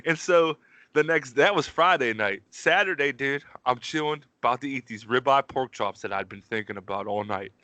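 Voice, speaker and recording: A man's voice: medium pitch, lively intonation, moderate pace, bright, forceful tone, no room sound. A man from Pittsburgh, co-hosting a podcast and telling rambling, profanity-laced stories while calling everyone "dude". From Pittsburgh, USA. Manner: profane, rambling, uses 'dude' constantly. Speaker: podcast co-host. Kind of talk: casual storytelling chat.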